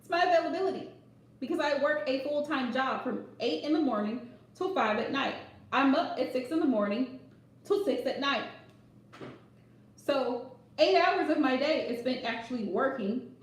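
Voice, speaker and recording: A woman's voice: high-pitched, expressive, normal speed. A woman tarot reader chatting casually on a livestream, sarcastic and laughing often. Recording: echoey room, distant mic.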